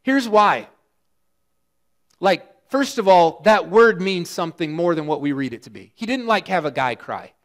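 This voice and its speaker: Pastor, man, middle-aged, casual storytelling sermon, fidgety fillers, voice sits a bit high. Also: moderate pace. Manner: conversational, animated storytelling with frequent fillers. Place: church sanctuary.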